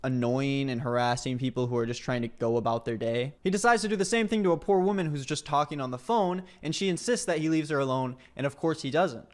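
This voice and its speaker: A man reading a measured, critical commentary script. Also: medium pitch. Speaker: commentary youtuber being reacted to.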